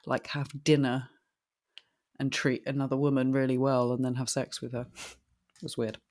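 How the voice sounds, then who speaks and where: A woman's voice: a bass voice, flat delivery, normal speed, darkish tone. A woman co-hosting a casual podcast chat, playful and giggly in her reactions. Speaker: podcast co-host.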